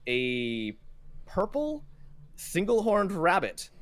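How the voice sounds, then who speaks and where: A man's voice: sits high, wildly swooping pitch, slow, no room sound. A young man running a tabletop game as game master, rambling through his narration with many restarts. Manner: rambling, full of fillers and restarts, laughs at himself.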